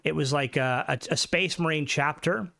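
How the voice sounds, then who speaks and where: A man's voice: fairly high pitch, moderate pace, gravelly, bright, forceful tone. A young man hosting a casual live stream, rambling through stories and swearing often into a desk mic. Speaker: livestream host.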